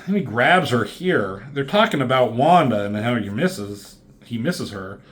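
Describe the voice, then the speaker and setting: A man giving a casual, rambling comic book review, swearing freely and filling pauses with "um". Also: medium pitch, big pitch swings, fairly bright tone. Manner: rambling, profane, lots of fillers.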